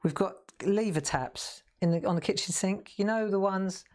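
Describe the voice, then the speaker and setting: A woman's voice: medium pitch, a little slow, darkish tone. A middle-aged woman, chatting casually and laughing often while demonstrating crafts on a live stream.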